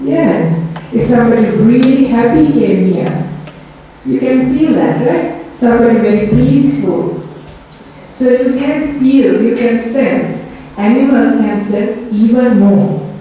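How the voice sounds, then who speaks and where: A woman teaching children at a Dhamma school, telling a story gently and asking them lots of questions. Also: a little high, lively intonation, distant mic, a little hiss or hum. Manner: slow, gentle, asks the children many questions. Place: temple hall. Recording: echoey hall, voice from afar.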